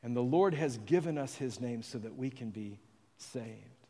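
A man preaches in an emphatic, rising-and-falling cadence, often dropping to near quiet at the end of a phrase. His voice sits at an ordinary pitch and carries a long reverb from a large church hall. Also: expressive, a little slow. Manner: emphatic preaching, quoting scripture, trailing off softly at phrase ends. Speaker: pastor. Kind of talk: sermon.

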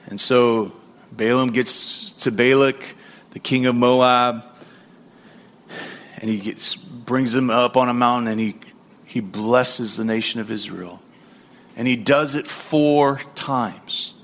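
A man preaching a sermon, retelling a scripture story with animated acted quotes and frequent restarts. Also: mid-range voice, measured pace.

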